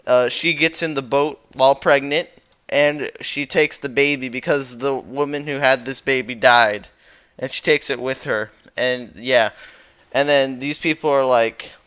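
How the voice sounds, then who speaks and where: A man's voice: mid-range voice, steady tone, a little slow, fairly bright tone, clean tone. Rambling young man recapping a slideshow. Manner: rambling and goofy, with lots of fillers and self-corrections. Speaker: YouTuber. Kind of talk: casual recap over a slideshow.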